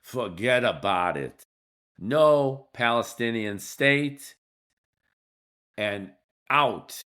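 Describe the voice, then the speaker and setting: Slow, blunt male podcast host. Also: medium pitch, fairly bright tone. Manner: emphatic, blunt, with casual profanity; deliberate, with repeated points. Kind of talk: opinionated podcast monologue.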